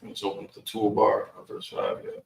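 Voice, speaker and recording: A man's voice: on the low side, wildly swooping pitch, fairly quick, vocal fry, a little hiss or hum. A man teaching an online Bible class, casual and easygoing, using slang as he walks learners through Hebrew words. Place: Milwaukee, Wisconsin. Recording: echoey room, voice from far off the mic.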